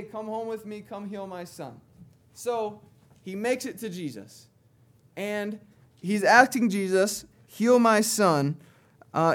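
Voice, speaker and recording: A man preaching a sermon in a conversational way, moving between quiet asides and emphatic readings. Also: a little high.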